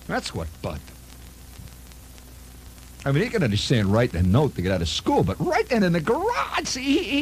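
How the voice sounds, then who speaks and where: A man hosting a radio show, telling a long story in a chatty, animated way with chuckling asides. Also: a little high, normal speed, pauses often, slight background noise. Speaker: radio host. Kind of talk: spontaneous storytelling monologue. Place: radio studio.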